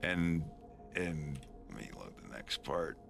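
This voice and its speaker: Deep-voiced, slow-talking man. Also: very animated, vocal fry, over music. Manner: rambling, with restarts and chuckles. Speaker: animator showing his work. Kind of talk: casual stream commentary.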